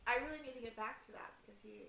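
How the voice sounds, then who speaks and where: A young adult woman, co-hosting a podcast and telling a story in casual chat, halting with many fillers. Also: fairly high pitch, vocal fry, bright, forceful tone, poor audio. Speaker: podcast co-host.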